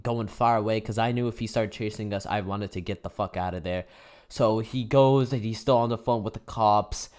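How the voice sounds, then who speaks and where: A teenage boy telling a story in a casual, swearing way, laughing as he goes. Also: lowish voice. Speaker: gaming youtuber. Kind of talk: storytime narration over gameplay.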